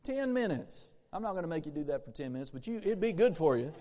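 A man's voice: a little high, sing-song, fast, mellow. A man preaching a sermon in a church, emphatic and repetitive, acting out bursts of laughter. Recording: long hall reverb in a church.

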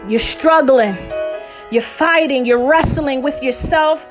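A woman's voice: sits high, slow pace, soft background music. A woman leading worship, moving between an impassioned spoken exhortation and singing. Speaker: worship leader. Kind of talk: spoken exhortation and sung worship over music.

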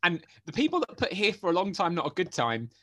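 Lively ranting young man, dry sound. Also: sits high, quick pace, no room sound. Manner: animated, ranting, incredulous. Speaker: podcast co-host. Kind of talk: casual chat. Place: home in Exeter.

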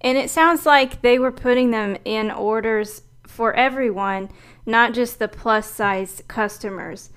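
Smooth-voiced woman explaining plainly. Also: fairly high pitch, a little slow, a bit bright. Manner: matter-of-fact, explanatory. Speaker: podcast co-host. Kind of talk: casual political commentary.

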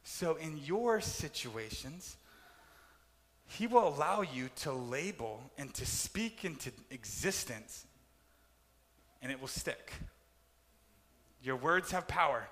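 A man preaching a sermon as pastor, animated and acting out complaining voices. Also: a little high, slow, long pauses, long reverb tail.

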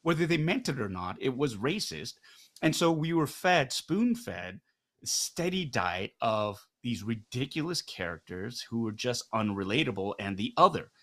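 A middle-aged man speaks as an interview guest. His pitch sits in an ordinary middle range, and he argues with energy, throwing out rhetorical questions and tagging his points with "right?". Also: sing-song, a little slow, fairly bright tone. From Canada. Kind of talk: candid conversational interview.

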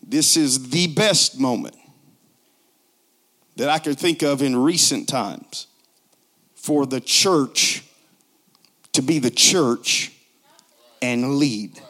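A man in his forties preaching a sermon in a joking, conversational way, low on strength and not raising his voice. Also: very slow, long pauses, fairly bright tone. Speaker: pastor.

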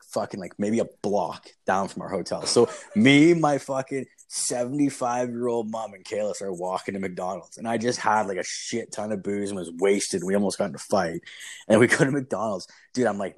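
A young man with a husky, somewhat low voice tells a long, loose story in casual podcast chat. He swears constantly and leans on "like" between every few words. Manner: rambling, profane, constant "like" fillers.

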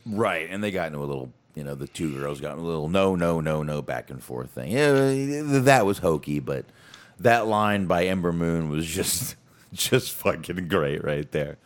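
A man's voice: deep voice, normal speed. A man co-hosting a podcast, chatting casually and swearing freely as he recaps a wrestling show. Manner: animated, laughing, swearing freely. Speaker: podcast co-host.

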